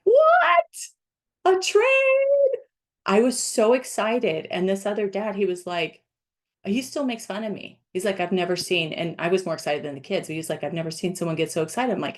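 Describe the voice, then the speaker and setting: A woman from Florida, a life coach, telling a personal story in a casual, animated way and breaking into excited laughs. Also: on the low side, a little fast.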